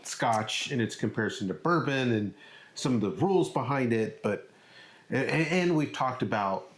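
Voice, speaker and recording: A man's voice: mid-range voice, expressive, normal speed. A man co-hosting a podcast in an easygoing, teasing way, asking his partner questions. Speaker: podcast co-host. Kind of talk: casual chat.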